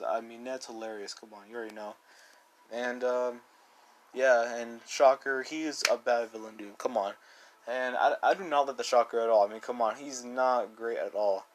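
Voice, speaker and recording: A man talking through movie rankings in a loose, unscripted way. He rambles and restarts, leans hard on "like" and "dude", and sounds eager. His voice sits at a middle pitch for a man. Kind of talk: casual movie review.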